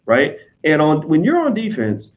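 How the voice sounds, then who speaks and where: A man's voice: a little high, huge pitch swings. Blunt profane American man, lo-fi audio. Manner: blunt and profane, mimics people in quick asides. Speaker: online commentator on business. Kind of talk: casual unscripted monologue.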